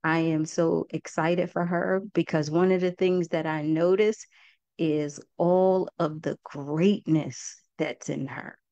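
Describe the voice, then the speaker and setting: A host and project founder with a low, dark, steady voice speaks slowly to an online audience during a group talk. Her manner is heartfelt and folksy, and she often addresses listeners as "y'all." The recording is dry, with the highs cut off.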